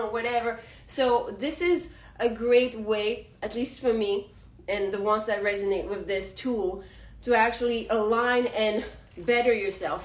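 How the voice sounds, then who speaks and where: A woman's voice: fairly high pitch, echoey room, poor audio. A woman with a French accent hosting a casual live astrology talk, laughing often and speaking directly to her viewers about spiritual matters. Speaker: astrology channel host.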